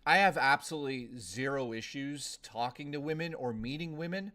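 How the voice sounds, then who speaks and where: A man's voice: mid-range voice, normal speed, sharp tone. A young man live-streaming in casual chat, ranting bluntly with lots of swearing and rambling restarts.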